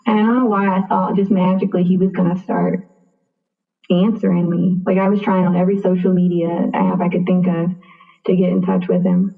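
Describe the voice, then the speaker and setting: A woman's voice: fairly low pitch, level tone, fairly quick, vocal fry. A young woman earnestly telling her personal story as a podcast guest, often saying "like" and replaying conversations. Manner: earnest, full of reported speech and "like". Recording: tinny phone-like sound, distant from mic.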